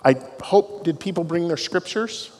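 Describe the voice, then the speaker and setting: Campus dean telling stories in a hall. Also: male voice, fairly high pitch, normal speed, darkish tone. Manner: storytelling, self-deprecating humor. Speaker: dean of students. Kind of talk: devotional talk to students. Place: large hall on a university campus. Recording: long hall reverb, faint noise.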